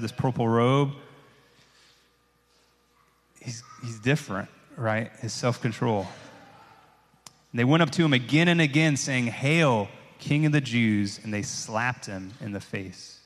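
Reading scripture and explaining it, a male pastor keeps his sermon casual and conversational, full of filler "like"s and "right?"s. He speaks at a measured pace with frequent pauses in a mid-range voice, recorded with long hall reverb.

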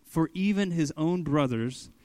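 A young adult man teaching through a Bible passage in a loose, conversational way, tossing in "like" and "okay" as he goes. His voice sits a little high for a man. The recording is dry and close, with almost no room sound. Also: unhurried, no room sound. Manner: conversational, frequent "like" and "okay", animated quoted voices. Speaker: pastor.

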